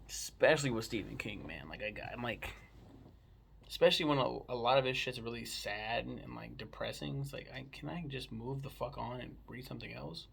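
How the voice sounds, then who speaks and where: A man's voice: medium pitch, creaky, a bit bright, a little hiss or hum. A man casually chatting about a book he read, rambling and swearing freely. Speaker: book reviewer. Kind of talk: casual book review chat.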